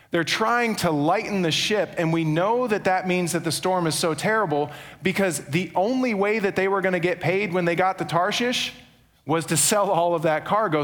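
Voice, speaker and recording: Animated storytelling preacher in a reverberant hall. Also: male voice, high-pitched. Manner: storytelling, animated, acts out quotes. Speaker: pastor. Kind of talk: sermon.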